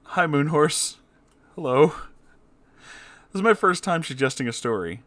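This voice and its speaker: A young man reading bad fanfiction aloud, slow and amused, with incredulous asides. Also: on the high side, expressive, a bit bright, no room sound. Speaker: fanfiction reader. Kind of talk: comedic story reading.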